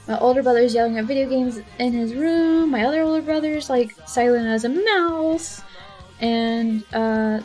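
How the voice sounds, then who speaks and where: Chatty female streamer, casual and rambling, pitched a bit high, soft music in the background. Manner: chatty, rambling, many fillers and laughs. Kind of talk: casual chat with chat while drawing.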